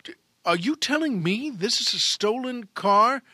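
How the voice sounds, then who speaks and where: A man's voice: very high voice, expressive, a little slow, pushed and bright, no echo, studio quality, voice pushed up, heavily acted. A man voicing a rattled male traffic cop who stammers in rising alarm, telling a joke. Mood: flustered.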